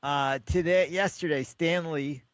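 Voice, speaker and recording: A man's voice: a little high, steady tone, a little slow, dry recording, highs cut off. A man co-hosting a podcast, chatting casually and rambling through stories while acting out the voices of callers. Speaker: podcast co-host. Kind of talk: casual sports chat.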